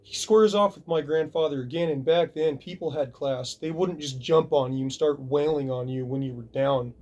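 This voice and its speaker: A man's voice: a little high, moderate pace, a little mellow. A man vlogging, telling a story casually and acting out the punches with sound effects. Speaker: video reviewer.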